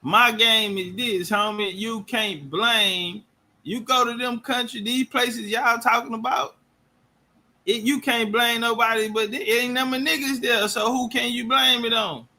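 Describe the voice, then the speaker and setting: A man's voice: extremely high pitch, fairly even intonation, a little slow, sharp tone. A man giving loose, profane reaction commentary and telling stories.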